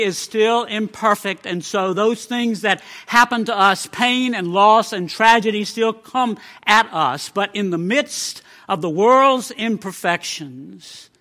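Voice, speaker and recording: High-voiced, bright male preacher. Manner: emphatic, with measured pauses. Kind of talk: sermon.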